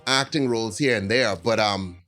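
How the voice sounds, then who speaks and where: A man's voice: lowish voice, moderate pace, a bit bright, faint music behind. A man, a podcast guest, telling rambling stories in casual chat and often checking in with his listeners.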